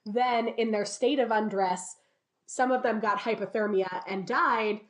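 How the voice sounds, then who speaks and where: A woman's voice: a little high, steady tone, unhurried. A young adult woman hosting a podcast, telling a story in casual chat and acting out quotes. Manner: storytelling, acts out quotes in voices. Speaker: podcast host.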